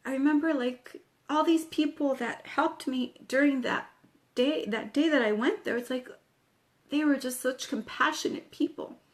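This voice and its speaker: A woman giving an emotional personal testimony, crying as she speaks, halting and repeating herself, often apologizing. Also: high-pitched. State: tearful, crying. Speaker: guest telling her life story.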